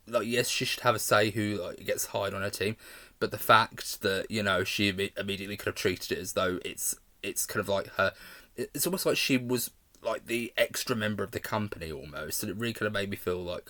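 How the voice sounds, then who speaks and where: A man's voice: lowish voice, fairly quick, pushed and bright. A man giving a casual, rambling video review, often restarting his sentences and filling gaps with "like" and "kind of". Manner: rambling, frequent restarts and hedging fillers.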